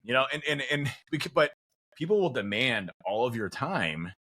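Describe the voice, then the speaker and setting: A man's voice: mid-range voice, big pitch swings, normal speed, pushed and bright. A man, likely a father of teens, chatting casually as a podcast guest, rambling with lots of fillers and acting out quoted conversations. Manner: rambling, many fillers and restarts; acts out quoted dialogue.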